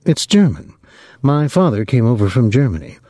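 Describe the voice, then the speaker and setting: A man's voice: medium pitch, big pitch swings, moderate pace, warm tone, no room sound, studio quality, voice pushed up, lightly acted. A man doing a careful, stiff young secretary.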